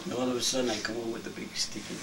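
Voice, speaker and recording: A man's voice: medium pitch, little pitch movement, very fast. Rambling old man in his eighties. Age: 80s. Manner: rambling, salty, chuckles through his tales. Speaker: grandfather telling old stories. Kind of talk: casual storytelling. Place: family birthday gathering at home. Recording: distant home-video recording with background noise.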